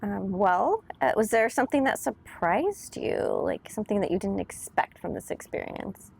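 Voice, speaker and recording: A woman's voice: mid-range voice, animated, moderate pace, creaky, husky. A woman co-hosting a casual chat, prompting with curious questions and a lot of "like". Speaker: co-host asking questions.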